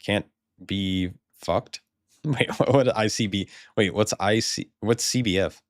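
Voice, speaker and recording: American man, deep voice, dry close sound, loose rambling stream chatter, lots of swearing. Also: moderate pace, no echo. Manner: loose, rambling, swears a lot, laughs often. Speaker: game streamer. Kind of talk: casual live-stream chat.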